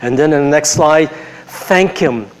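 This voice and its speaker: A man preaching in an earnest, conversational manner, his voice sitting a little high. He repeats phrases, tosses in casual asides, and sinks to a near-hush on tender lines. A faint mains hum runs under the recording. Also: a little slow, low-quality recording. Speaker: pastor. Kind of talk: sermon.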